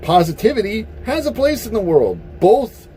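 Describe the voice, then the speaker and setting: Animated, blunt man ranting. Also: high voice, normal speed, slight background noise. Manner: profane and blunt; animated, heated. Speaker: vlogger. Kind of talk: casual opinion rant.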